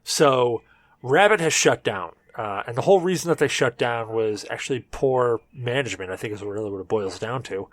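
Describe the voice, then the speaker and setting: A man's voice: medium pitch, moderate pace, dry recording. A man hosting a casual group podcast, rambling a little and a bit drunk. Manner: relaxed, rambling, tipsy. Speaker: podcast host.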